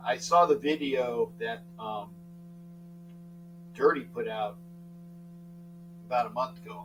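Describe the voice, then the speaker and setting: An older man hosting a live sports talk stream, chatting casually and greeting viewers by name in a rambling way. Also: mid-range voice. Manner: rambling, shouts out viewers by name, frequent restarts. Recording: distant mic with faint mains hum.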